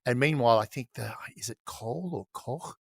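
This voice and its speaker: A man's voice: mid-range voice, moderate pace, gravelly, breathy edge, no echo, studio quality. A middle-aged man co-hosting a casual political podcast, joking and slipping into mock voices. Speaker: podcast co-host.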